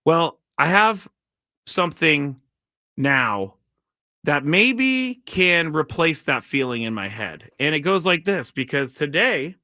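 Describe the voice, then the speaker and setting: With a slightly high, sharp voice and no echo, a man runs his own live show in a casual monologue. He wanders through a story, fixing his own wording along the way, and stops to read chat comments from viewers aloud.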